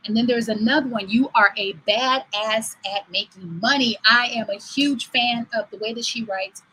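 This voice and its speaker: A woman in her forties or older hosts her own livestream, talking straight to viewers in a slightly high voice. She tells stories in a chatty way and acts out the lines people said to her. A faint hiss runs under the stream mic. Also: normal speed, bright, forceful tone, low-quality recording. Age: over 40. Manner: chatty storytelling, acts out quoted dialogue. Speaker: host. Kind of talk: livestream talk. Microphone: livestream computer mic.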